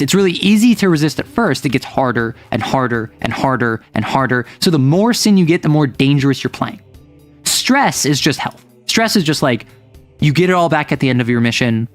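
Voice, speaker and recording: Rambling man with a slightly high voice. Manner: rambling, filler-heavy, animated. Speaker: host. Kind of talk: casual chat explaining tabletop game rules.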